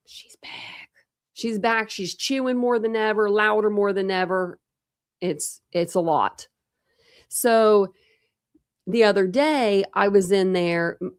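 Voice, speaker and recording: Chatty woman with a gravelly edge. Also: mid-range voice, darkish tone, no room sound, clean studio sound. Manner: chatty, many fillers and restarts. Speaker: true crime livestream host. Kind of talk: casual rambling livestream chat.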